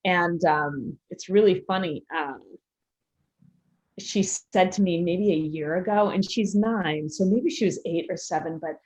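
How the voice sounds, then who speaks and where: A woman coach speaking as a podcast guest, candid and quick to laugh. Her voice sits on the low side, and it comes through dull and lo-fi, as over a remote line. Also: darkish tone. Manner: candid and open, laughing easily. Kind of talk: casual interview chat.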